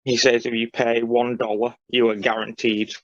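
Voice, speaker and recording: A man's voice: medium pitch, little pitch movement, normal speed, dry recording, lo-fi sound. A man co-hosting a podcast, explaining in a dry, matter-of-fact casual chat. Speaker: podcast co-host.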